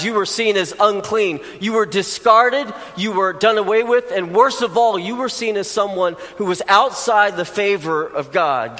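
A man's voice: high-pitched, a bit bright, big-room sound. A man preaching a sermon in a conversational way, with joking asides to the congregation. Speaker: pastor.

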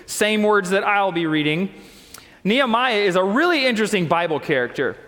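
A man preaching from the pulpit, his voice pitched high for a man. He tells a personal story with earnest feeling and acts out the people in it. The sound carries a long church-hall reverb. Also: very animated, normal speed, fairly bright tone. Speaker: pastor.

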